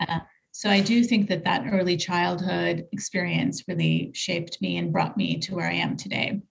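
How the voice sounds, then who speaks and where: A woman's voice: lowish voice, level tone, moderate pace, gravelly, a little hiss or hum. A woman guest and leadership coach in a conversational interview, talking thoughtfully with frequent fillers and restarts. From United States.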